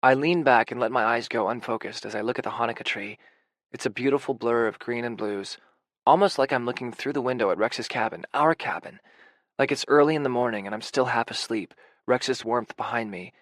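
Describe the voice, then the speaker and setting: A man's voice: mid-range voice, fairly quick, no room sound. Man narrating an intimate audiobook. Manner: quiet, intimate. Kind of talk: first-person audiobook narration.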